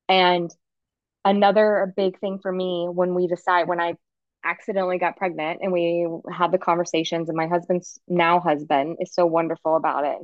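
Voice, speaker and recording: Brief: woman in her thirties, lower voice, candid and emotional, slightly muffled dry recording. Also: no room sound. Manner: frank, emotional, rambling with restarts. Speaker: podcast guest, photographer. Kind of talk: candid conversational storytelling.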